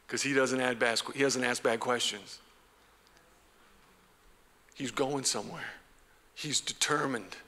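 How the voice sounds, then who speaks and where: A man preaching a sermon as pastor, animated and conversational. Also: mid-range voice, in a large hall. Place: church hall.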